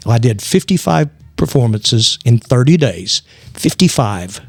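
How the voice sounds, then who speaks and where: A man with a Texan accent recounts a story as an interview guest. His pitch sits in an ordinary middle range, and the sound is dry and close with no room around it. He talks animatedly, slipping into quoted voices and tripping over restarts. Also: very animated, a little slow, vocal fry, dry recording. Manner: frequent restarts and stammers. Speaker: guest actor. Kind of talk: casual storytelling.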